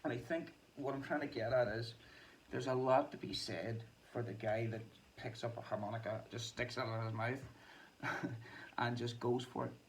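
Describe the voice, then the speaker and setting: A man rambling casually through a vlog, self-deprecating and quick to laugh. His mid-range voice has a gravelly edge. He sits back from the microphone, with a faint hum of background noise. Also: medium pitch, fairly even intonation, recorded from a distance, low-quality recording. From Ireland. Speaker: musician and vlog host.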